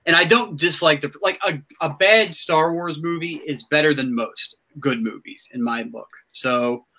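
Excitable bright-voiced podcast host. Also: male voice, fairly high pitch, unhurried, a little hiss or hum. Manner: excitable, rambling fan talk with many restarts. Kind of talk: casual chat.

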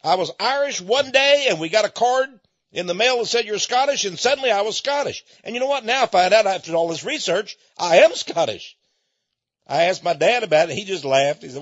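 American male radio host, folksy and emphatic, repeats his points; husky tone, muffled lo-fi audio. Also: high voice, fairly quick, a bit bright, dry recording. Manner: folksy and conversational, with chuckles. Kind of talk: monologue lecture. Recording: dull lo-fi dry recording.

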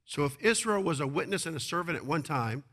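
A man's voice: fairly high pitch, expressive, quick pace, a bit bright. A male pastor preaching a sermon, emphatic and repetitive, often asking the congregation to agree.

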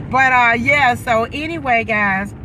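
A woman from New York City vlogging while driving, chatting playfully and upbeat and joking around in a casual way. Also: fairly high pitch. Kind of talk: casual chat. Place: in a car, out driving. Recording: distant mic with loud road noise.

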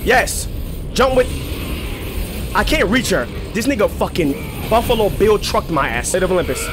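A young man commentating his own gameplay, excitable and profane, trash-talking enemies and shouting at the screen. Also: sits high, normal speed. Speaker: gaming channel host. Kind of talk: let's play commentary. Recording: game music clearly behind the voice.

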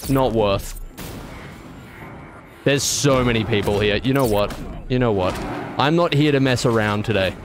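A man's voice: medium pitch, unhurried, long pauses, over music. A man streaming a video game, rambling and correcting himself, with exasperated outbursts. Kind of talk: casual gameplay commentary.

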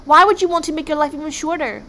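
Woman doing gentle dreamer Snorri. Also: sits high, steady tone, fast, a little hiss or hum, voice pushed up. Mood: earnest. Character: gentle dreamy young male Viking.

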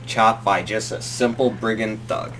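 A man's voice: lowish voice, fairly even intonation, a little slow, fairly bright tone, a little hiss or hum. A man playing and commenting on a strategy game, easygoing and rambling. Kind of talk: gameplay commentary.

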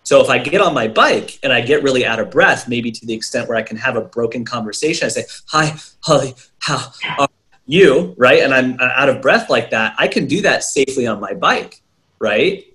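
A man's voice: medium pitch, lively intonation, fairly quick, sharp tone, a little hiss or hum. A man, a young adult brain health coach, talking as an interview guest in an earnest, lecturing way, listing examples and checking in with "right?". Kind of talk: explanatory interview talk.

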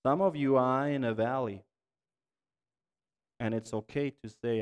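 A man's voice: medium pitch, steady tone, measured pace, darkish tone, clear, resonant tone. Pastor, man, German accent, earnest pleading sermon delivery, church reverb. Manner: earnest, pleading, rising in intensity. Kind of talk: sermon and prayer. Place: church sanctuary.

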